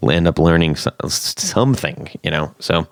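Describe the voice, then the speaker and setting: A man's voice: extremely low pitch, expressive, normal speed, vocal fry, no echo. A man hosting a casual podcast chat, laid-back and rambling with frequent restarts. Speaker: podcast host.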